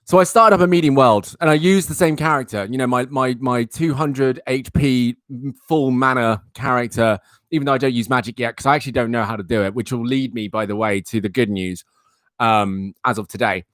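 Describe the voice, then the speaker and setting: A man's voice: medium pitch, brisk, a bit bright, no echo, studio quality. A young man hosting a live talk stream, telling a rambling, exasperated story and repeating himself for emphasis. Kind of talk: casual ranting anecdote.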